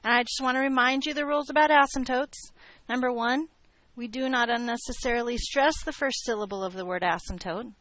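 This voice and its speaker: A woman's voice: a little high, brisk, few pauses, a bit bright, dry recording, lo-fi sound. A woman teaching a math class, joking with her students as she lectures.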